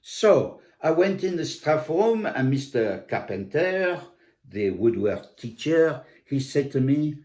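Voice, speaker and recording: An excitable French mother, as a man puts her on, grumbling slowly in heavily accented, broken English and tossing in French fillers. The voice sits noticeably higher than the man's own. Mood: bemused. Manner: animated, indignant, sprinkles French fillers. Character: excitable middle-aged Frenchwoman, mother and teacher.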